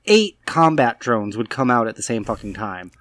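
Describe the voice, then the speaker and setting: A man's voice: medium pitch, big pitch swings, moderate pace, a bit bright. A man co-hosting a podcast, rambling casually about a game with frequent restarts and swearing. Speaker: podcast co-host. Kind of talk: casual gaming chat.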